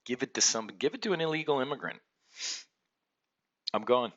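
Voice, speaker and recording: A man from the United States hosts an options trading show from his home office, ranting angrily about the market with many restarts and stammers. His medium-pitched voice is animated, moderately paced and a bit bright, with the highs cut off.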